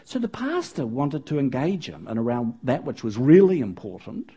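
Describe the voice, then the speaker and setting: Husky, lively woman preacher. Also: extremely low pitch, moderate pace. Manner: animated, with playful asides to the audience. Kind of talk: sermon with storytelling.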